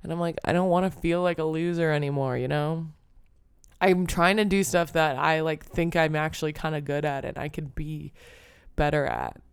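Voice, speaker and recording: A woman's voice: sits low, animated, moderate pace, clear, resonant tone, no echo, clean studio sound. A young adult woman hosting her own podcast, talking alone in a rambling, self-deprecating way, full of "like" and casual cursing. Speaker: podcast host. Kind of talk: casual solo podcast monologue.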